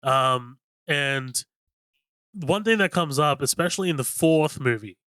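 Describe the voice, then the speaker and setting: Rambling, enthusiastic man with a bright voice. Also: fairly high pitch, expressive, a little slow, no echo. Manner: rambling and enthusiastic, heavy on "like" and swearing. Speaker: podcast co-host. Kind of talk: casual film-review chat.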